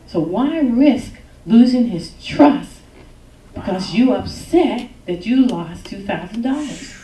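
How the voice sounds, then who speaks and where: A woman giving a joking, lively talk on relationships at a church service, acting out little quotes as she goes. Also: on the high side, takes it slowly. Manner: animated, joking, acts out quotes. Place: church hall with congregation. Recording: echoey hall, mic from far off.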